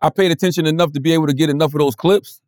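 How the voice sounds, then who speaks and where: A man co-hosting a podcast in casual chat, playful and quick to laugh, rambling through restarts. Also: a little high, steady tone, a little mellow, no room sound, studio quality. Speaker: podcast co-host.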